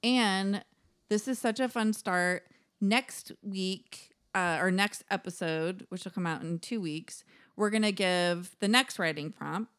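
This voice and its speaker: A woman's voice: mid-range voice, unhurried, a bit bright, clean tone, dry recording, studio quality. Enthusiastic woman podcast co-host. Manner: enthusiastic, laughs often. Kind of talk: casual chat.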